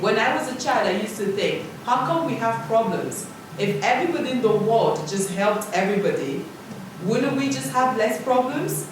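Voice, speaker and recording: Earnest woman panelist, reflective, recorded from afar in a big echoey room. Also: mid-range voice. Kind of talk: casual panel discussion. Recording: echoey hall from far off, noise.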